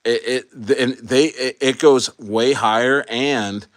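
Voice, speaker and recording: A man from the United States chatting casually on his livestream at an everyday mid pitch. He rambles, restarts his sentences and swears freely as he talks to his viewers. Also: slow, no room sound, clean studio sound. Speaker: livestream host.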